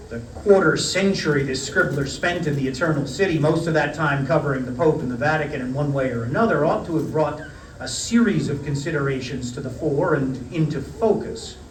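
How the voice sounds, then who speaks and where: A middle-aged man reading a prepared lecture in a measured, wry storytelling manner. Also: a little high, a little hiss or hum. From United States. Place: parish hall. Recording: roomy hall, mic at a distance.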